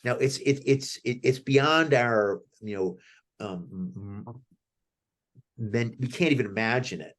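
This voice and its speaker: This American author, interviewed conversationally, spins rambling stories with many restarts. He takes it slowly, in a mid-range voice with a fairly bright tone.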